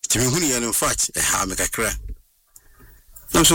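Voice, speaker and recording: A man, recounting a personal story as an interview guest in an animated way and slipping into English phrases. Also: medium pitch, a little fast, breathy edge, dry recording, recorded from a distance. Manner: animated, mixes in English phrases, acts out what others said.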